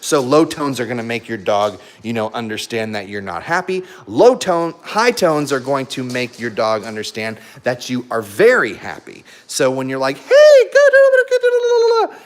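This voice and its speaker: A young man chatting casually to camera about his dogs, lively and loud at times, breaking off to talk to his dogs. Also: mid-range voice, moderate pace, few pauses. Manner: animated and loud at times, talks to his dogs mid-sentence. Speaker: vlogger, husky owner.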